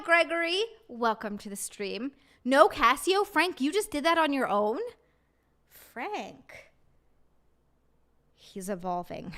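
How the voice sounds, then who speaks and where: A woman streams live and chats casually with her viewers in a high, bright, forceful voice. She is excitable and giggly and thanks people by name.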